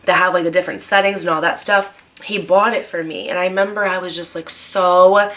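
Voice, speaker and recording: A woman's voice: fairly low pitch, fairly even intonation, fairly bright tone. A young woman in her twenties telling a storytime vlog, chatty and full of "like" fillers. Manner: chatty, fast, heavy use of "like". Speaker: vlogger. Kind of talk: casual storytime.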